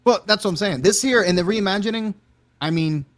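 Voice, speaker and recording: A man's voice: high voice, a little fast. A man co-hosting a casual group chat, teasing the others with wry asides. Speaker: co-host.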